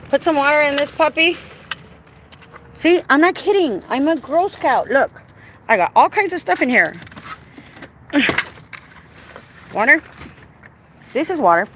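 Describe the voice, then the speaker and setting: A woman's voice: high voice, lively intonation, unhurried, long pauses, a bit bright. A woman chatting casually to her viewers while working on her car outdoors, playful and talkative. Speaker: vlogger. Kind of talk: casual live-stream chat. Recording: outdoor recording with clear background noise.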